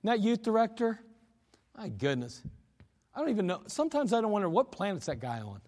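A man's voice: sits high, big pitch swings, a little fast, a little mellow. A man doing a muttering, petty church gossip mother. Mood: sneering. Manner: muttering under her breath. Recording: echoey church hall.

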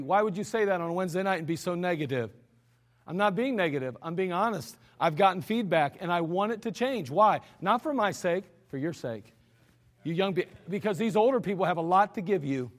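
A man's voice: high-pitched, big-room sound. A man preaching a sermon as pastor, blunt and exhorting, scolding his listeners directly.

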